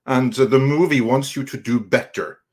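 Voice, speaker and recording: A man co-hosting a casual livestream, reviewing a film with halting fillers and deadpan sarcasm. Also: mid-range voice.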